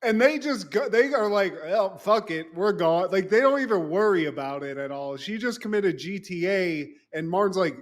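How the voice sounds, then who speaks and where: A man co-hosting a casual podcast, voice sitting a touch higher than most men's. He recaps with lively energy, jumps into the characters' voices for quoted lines, and swears freely. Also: moderate pace, few pauses. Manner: animated, acts out quoted lines with profanity. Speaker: podcast co-host.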